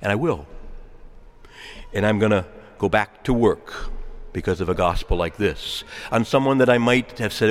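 A male priest giving a sermon, talking with animated swings in pitch and volume, adding asides and small laughs. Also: normal speed. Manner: animated preaching with wide swings, chuckles and asides. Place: large church. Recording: long church reverb.

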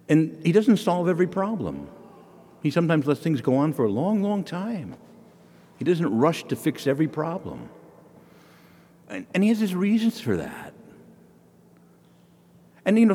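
A man's voice: a little high, dark tone, breathy edge, big-room sound. A male priest giving a sermon in a folksy storytelling manner, with homely asides.

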